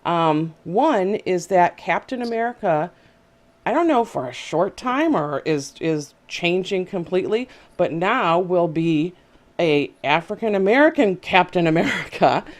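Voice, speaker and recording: A woman's voice: on the low side, lively intonation, measured pace. A woman hosting a casual video chat show, talking in a chatty, hesitant way with many fillers. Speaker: host.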